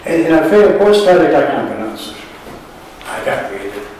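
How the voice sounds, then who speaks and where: An Irish poet with a somewhat high voice reads his work at a launch in a wry, sardonic way, chuckling at his own jokes. He is picked up from a distance in a very echoey museum hall. A faint hiss sits underneath. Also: sing-song, fairly quick, a little mellow. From Ireland. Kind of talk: poetry reading at a book launch. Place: museum hall at a live event. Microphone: room recording from a distance.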